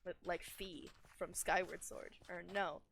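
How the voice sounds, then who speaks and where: A young adult gamer rambles loosely while playing, mocking themself and leaning on filler words. The voice is bright and sharp in tone and sits at a middle pitch. A faint hiss runs under the home desk-mic recording. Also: little pitch movement, unhurried, gravelly. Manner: rambling, self-deprecating, full of "like" and "you know". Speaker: gaming YouTuber. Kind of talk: casual gaming commentary chat.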